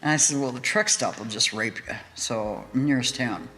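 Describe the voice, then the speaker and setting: A woman's voice: rumbling low, normal speed. Laughing woman telling a road story. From United States. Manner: animated, laughing storyteller who acts out quotes. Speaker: interview guest. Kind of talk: casual storytelling in an interview. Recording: hall reverb with faint music.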